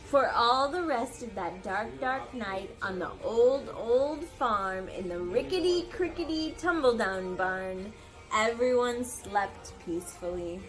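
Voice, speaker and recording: A woman's voice: on the high side, soft background music. A woman reading a children's story aloud at story time, sing-song and playful, drawing out the rhyming lines. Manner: sing-song, animated, slow and drawn-out.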